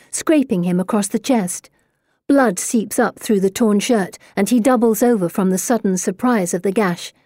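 A woman reading a first-person audiobook in a measured, even way. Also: mid-range voice, no room sound, studio quality. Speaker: audiobook narrator. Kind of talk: scripted first-person narration.

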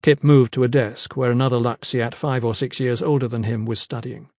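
A man reading a fantasy novel aloud in a measured, wry narration. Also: medium pitch, steady tone, darkish tone, dry recording. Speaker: audiobook narrator. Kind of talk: scripted narration.

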